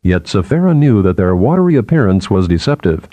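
Low-voiced man narrating an audiobook. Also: sing-song, fairly quick, dark tone, no echo.

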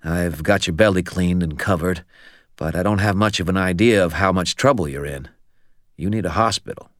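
In an audiobook reading, a man puts on a jittery young medic whose voice comes out thick and clogged, as if through a swollen nose. He rambles and hesitates, earnest and a little shaken, pitched a touch above a deep, dry narrating voice. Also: moderate pace, fairly bright tone, no room sound. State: thick, slurred, stuffed-up voice from a broken nose. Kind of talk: audiobook character voice.

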